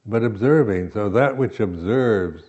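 A man with a very low voice delivers a meditation teacher's dharma talk at an unhurried, slow pace. He speaks reflectively and often pauses to restart a phrase. The recording sounds dull and lo-fi. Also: warm tone.

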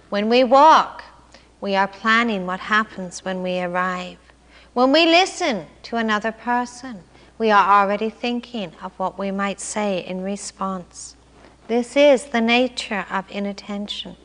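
Woman, meditation teacher, dharma talk, calm, reflective, bright voice, long hall reverb. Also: on the high side.

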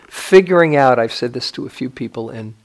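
During a dharma talk, an older man who teaches meditation speaks in a medium pitch. His manner is reflective, broken by gentle pauses and restarts.

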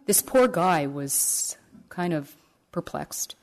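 A woman meditation teacher giving a dharma talk at a retreat, gentle and reflective as she tells stories. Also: deep voice, expressive, measured pace.

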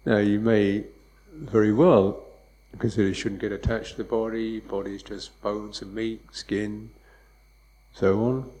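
A man teaching meditation in a loose, conversational dharma talk, wry and quick to laugh, checking in with "yeah?". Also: lowish voice, fairly even intonation, dark tone, poor audio. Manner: wry, laughs often, mimics hurried speech and beeps.

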